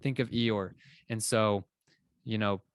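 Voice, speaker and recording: A young adult man co-hosting a podcast, explaining ideas in an animated, casual way with plenty of filler words. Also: lowish voice, slow, no room sound, studio quality. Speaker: podcast co-host. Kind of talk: casual conversational chat.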